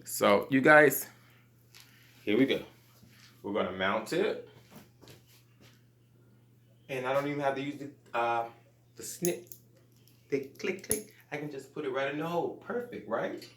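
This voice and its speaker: A man's voice: mid-range voice, lively intonation, measured pace, pauses often, a bit bright, roomy sound, slight background noise. A man hosting a gardening channel, talking viewers through a hands-on project in a chatty, upbeat way and often calling them "you guys.". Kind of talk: casual how-to vlog.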